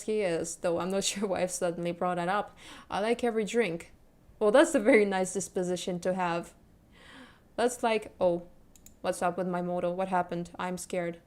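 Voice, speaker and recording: A woman's voice: medium pitch, darkish tone. A woman streamer chatting casually with her viewers while gaming, rambling and giggling often. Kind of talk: casual chat with viewers during a game stream.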